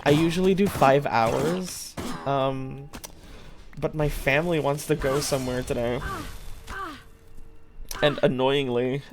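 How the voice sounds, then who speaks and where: A young streamer talks to chat at an unhurried, drawn-out pace while playing. The humor is dry and offhand, with casual swearing tossed in. The voice sits at a middle pitch. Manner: chats to viewers while playing.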